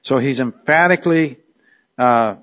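A man's voice: medium pitch, measured pace, a bit bright, highs cut off. A man teaching a Bible study lecture, explaining a passage in a conversational way with frequent fillers and restarts. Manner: uses a drawing tool on screen while teaching.

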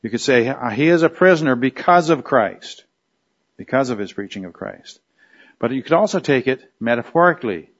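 Male Bible study teacher, medium pitch, casual explanatory lecture, muffled lo-fi audio. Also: moderate pace, gravelly, a bit bright. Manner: conversational, explanatory, many fillers and restarts; uses a drawing tool on screen while teaching.

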